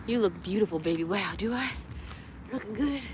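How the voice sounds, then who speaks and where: A woman's voice: medium pitch, lively intonation, fairly quick, background noise. A tired young woman rambling through a livestream from her parked car, joking crudely, laughing often and cooing at her dogs. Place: parked car in a parking lot.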